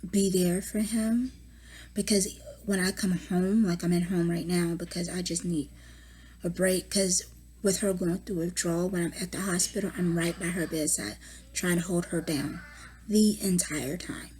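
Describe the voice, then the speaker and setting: A young woman, a mother recording a personal video diary at home, exhausted and distraught, speaking haltingly and often dropping to a whisper. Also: lowish voice, steady tone, darkish tone, slight background noise. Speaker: mother giving a family update.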